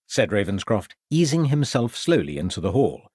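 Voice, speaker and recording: Brief: male audiobook narrator, low voice, lively intonation, measured. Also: slightly rough, no room sound, clean studio sound. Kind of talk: scripted narration.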